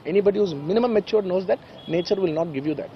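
A man's voice: high-pitched, racing, highs cut off, slight background noise. A man with a background gives an emotional press statement, earnest and repeating phrases insistently. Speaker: speaker at a press conference.

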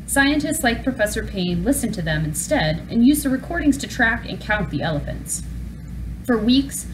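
A woman reading a children's storybook aloud in an expressive, animated way. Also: medium pitch, background noise. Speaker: storybook reader.

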